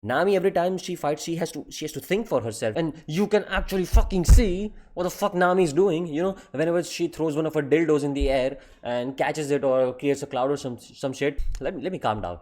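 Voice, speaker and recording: A man's voice: a little high, a little fast, few pauses, a little mellow. A man delivering a profane, exasperated comedic rant. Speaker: anime commentary creator.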